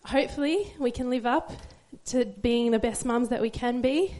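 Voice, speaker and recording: A woman's voice: fairly high pitch, normal speed, a little mellow. A young woman giving an emotional church testimony as a new mother, tearful and laughing through it. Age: young adult.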